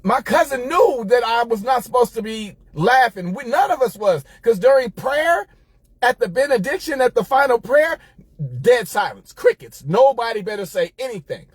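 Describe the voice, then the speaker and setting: Telling a church story in a casual monologue, a middle-aged host with a high, slightly breathy voice speaks at normal speed. He laughs a lot, stays lively and chatty, and addresses his audience directly as "y'all." The recording is dry and close, with no room sound.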